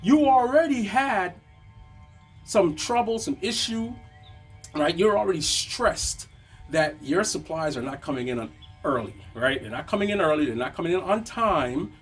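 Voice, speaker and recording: Brief: male business coach, slightly high voice, chatty lesson delivery, soft music beneath. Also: animated, moderate pace, slightly rough. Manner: conversational, frequent tag questions "right?". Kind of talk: motivational lesson.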